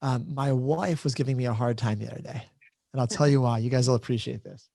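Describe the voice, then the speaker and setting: A man's voice: mid-range voice, steady tone, fast, creaky, mellow, no room sound, studio quality. A man moderating a casual online panel, telling a chatty, self-deprecating story over a video call.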